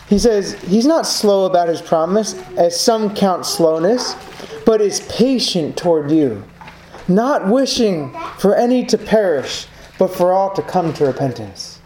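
A man's voice: sits high, dark tone. A man preaching a sermon, earnest and building emphasis through repetition. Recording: echoey room, faint background noise.

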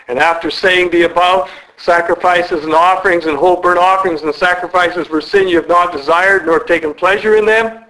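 High-voiced guy preaching in church, earnest, slows down to hammer a point. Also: steady tone, sharp tone, poor audio. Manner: earnest, slows and drops for emphasis. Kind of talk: sermon.

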